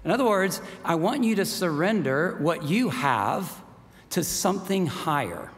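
A man's voice: high-pitched, sing-song, unhurried, in a large hall. A man preaching a sermon in a casual, conversational way, stopping to act out the voices of the people in his story. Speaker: pastor.

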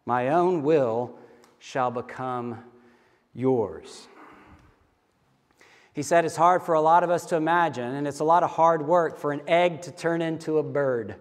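A man's voice: fairly high pitch, steady tone, a little fast, hardly any pauses, long reverb tail. A middle-aged man preaching a sermon as a pastor, in a conversational, candid storytelling manner.

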